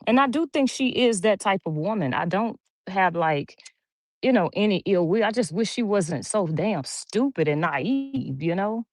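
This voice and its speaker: A middle-aged woman with a Louisiana twang chats through viewer comments on a home livestream. She talks in a gossipy, easygoing way and laughs often. Her voice sits at a middle pitch and sounds dry and close. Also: animated, a little slow, no echo. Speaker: livestream host. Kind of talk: casual live chat reading comments.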